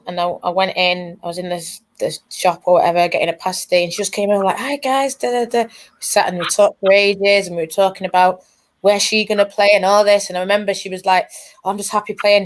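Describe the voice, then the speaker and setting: A woman, a podcast guest, tells fan stories in casual chat and gets tearful as she talks. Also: medium pitch. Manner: emotional, tearful storytelling. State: crying.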